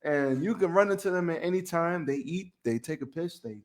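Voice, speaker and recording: Man, podcast co-host, casual chat, slangy, animated storytelling, a bit high-pitched. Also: brisk, soft background music. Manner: laid-back, slangy, animated when telling stories. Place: home studio on camera.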